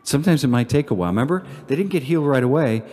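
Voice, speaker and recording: A man's voice: medium pitch, lively intonation, very fast. Man preaching a homily in a reverberant church. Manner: earnest, rises to emphatic peaks then drops to hushed prayer. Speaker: priest. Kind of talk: homily at Mass.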